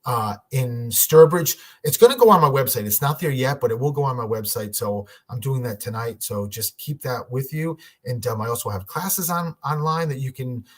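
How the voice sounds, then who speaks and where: A man's voice: medium pitch, lively intonation, normal speed, hardly any pauses. A man doing a casual livestream reading for his viewers, chatty and rambling, with lots of restarts and fillers. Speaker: medium, livestream host.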